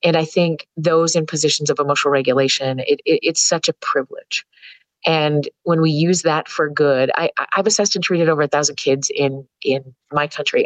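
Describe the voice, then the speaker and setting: Low-voiced woman telling a candid story. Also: fairly even intonation, normal speed, no echo, poor audio. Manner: candid, earthy, swears freely. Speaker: psychologist guest. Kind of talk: storytelling in a podcast interview.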